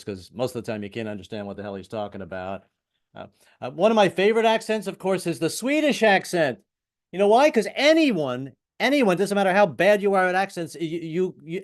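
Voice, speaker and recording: Over a video call, a fifties-aged American comic who has moved around, including stints in the South, pokes fun at himself with dry punchlines and stumbling restarts. His voice sits a little high.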